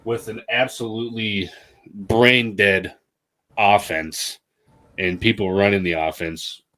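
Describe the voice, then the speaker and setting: Lively low-voiced young sports fan. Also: male voice, takes it slowly. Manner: animated, laughing, sarcastic asides. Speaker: podcast co-host, Patriots fan. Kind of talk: casual sports chat.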